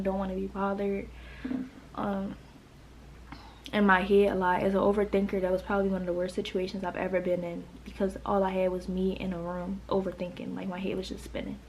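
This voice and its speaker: A US woman in her late teens tells an emotional storytime vlog, rambling and using "like" constantly. Her mid-range voice has a darkish tone, and the audio is poor with a little hiss or hum.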